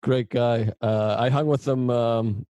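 A man who hosts a comedy podcast, telling relaxed, self-mocking stories from his early years in stand-up. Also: medium pitch, slow, dry recording. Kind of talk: casual conversation, storytelling.

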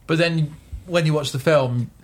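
Jokey man, slightly high voice. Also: normal speed. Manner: jokey, riffs into silly bits. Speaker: podcast co-host. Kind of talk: casual comedy chat.

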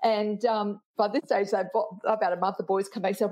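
A woman's voice: mid-range voice, little pitch movement, fast talker, a little mellow. A woman, a retired police officer, telling anecdotes in a chatty interview, laughing often and restarting sentences. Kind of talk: storytelling interview chat.

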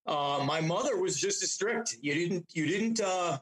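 High-voiced rambling man telling stories. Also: animated, measured pace, fairly bright tone, rough recording. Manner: rambling, many restarts and repeated words. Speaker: guest. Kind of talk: casual storytelling.

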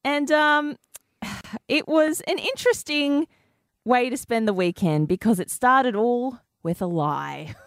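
A woman co-hosting a breakfast radio show, telling a story with lively acted-out dialogue. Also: on the high side, slow pace, no room sound, studio quality. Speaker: radio co-host.

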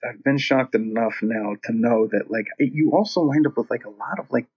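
A middle-aged man, a rock singer, telling a long story in a casual interview, rambling and profane, voicing other people's lines with lively shifts. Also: mid-range voice, fairly quick, slightly rough. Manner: rambling, profane, animated when quoting himself and others. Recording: dull lo-fi podcast audio.

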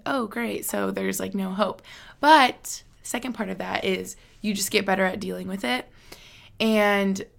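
A woman in her twenties hosts a solo podcast, chatting casually and candidly with plenty of fillers and light laughter. Her mid-range voice is creaky with a fairly bright tone.

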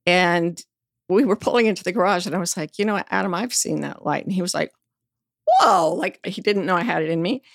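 Woman, middle-aged, frank storyteller, low pitch, dry sound. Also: fast, gravelly, dry recording. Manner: candid, frank, sometimes swears. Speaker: interview guest. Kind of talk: personal storytelling in conversation.

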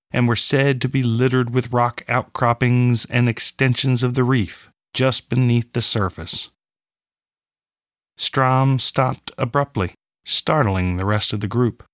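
A man narrating a fantasy audiobook in a measured, even storytelling manner. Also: mid-range voice, no echo, clean studio sound.

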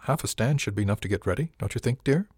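A man's voice: mid-range voice, lively intonation, fast talker, a little mellow, breathy edge, no room sound, studio quality. A man voicing a gushing wealthy lady passenger. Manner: effusive, languid, purring.

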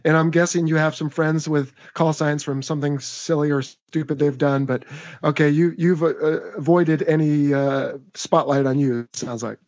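A man's voice: a little high, fairly even intonation, moderate pace, darkish tone, lo-fi sound. An American man hosting a podcast, talking in an upbeat, chatty, slightly rambling way. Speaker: podcast host. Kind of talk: casual podcast talk.

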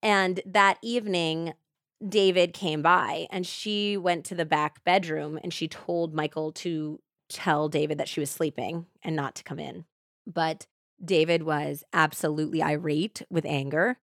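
A woman with a deep, fairly bright voice hosts a podcast, casually walking through a true-crime case and sprinkling in lots of "like." She speaks a little slowly with fairly even intonation, in clean studio sound with no room sound.

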